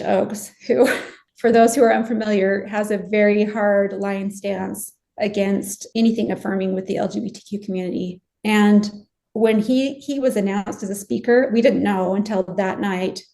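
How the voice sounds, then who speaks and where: A woman's voice: mid-range voice, gravelly, mellow. A middle-aged woman, a podcast guest, emotionally recounting a personal experience in an interview.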